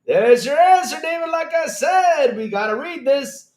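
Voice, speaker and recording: A man hosting a casual gaming news livestream, reading articles and chatting with viewers in a slangy, excitable way. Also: extremely high pitch, unhurried, roomy sound. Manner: animated, reads chat aloud, slangy asides. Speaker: podcast host.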